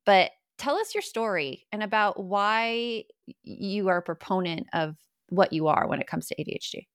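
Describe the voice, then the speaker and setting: An American woman hosting a podcast, enthusiastic and quick to laugh in casual conversation. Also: medium pitch, lively intonation, smooth, no echo, studio quality. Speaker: podcast host. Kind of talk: casual interview chat.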